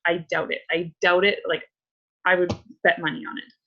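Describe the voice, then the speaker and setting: A woman's voice: lowish voice, little pitch movement, normal speed, highs cut off. A woman coach leading a casual group check-in, chatty and candid, full of likes and ums.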